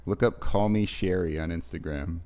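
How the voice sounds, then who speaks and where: A man's voice: low-pitched, moderate pace, a little hiss or hum. A man co-hosting a podcast, chatting casually and reading viewer messages aloud. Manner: lively, reads messages aloud.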